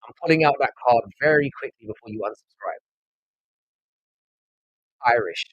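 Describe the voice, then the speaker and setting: A man's voice: mid-range voice, expressive, moderate pace, husky, dry recording, lo-fi sound. A man from London with a South London accent, hosting a casual live stream and trading rambling, profane banter with his chat. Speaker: livestream host.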